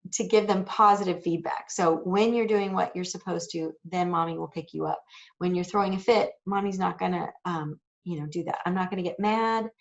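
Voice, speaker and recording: Chatty woman giving parenting advice, lo-fi. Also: lowish voice. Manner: conversational with many fillers, acts out quoted scolding. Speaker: parenting educator. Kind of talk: informal advice talk. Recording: dull lo-fi recording.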